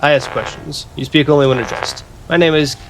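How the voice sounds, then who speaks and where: A man's voice: on the high side, steady tone, a little fast, soft background music, lightly acted, low-quality recording. A man reading the lines of a stern, bossy military commander in a clipped, commanding way.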